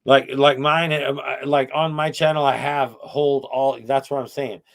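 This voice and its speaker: A man's voice: mid-range voice, steady tone, a little slow. A middle-aged man hosting a casual podcast chat, telling rambling, profane, wry stories about his YouTube channel.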